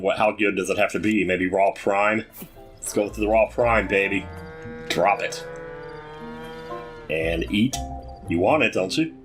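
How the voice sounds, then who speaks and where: A man's voice: on the low side, fairly bright tone. A man giving casual, jokey commentary while playing a video game, chatting to the characters on screen. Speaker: gameplay commentator. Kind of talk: casual let's-play commentary.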